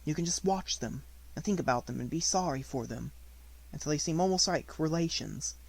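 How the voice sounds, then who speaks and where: A man doing a calm, grand young girl. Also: fairly high pitch, a little fast, creaky, slightly rough. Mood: gentle. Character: composed, imaginative young girl, bold.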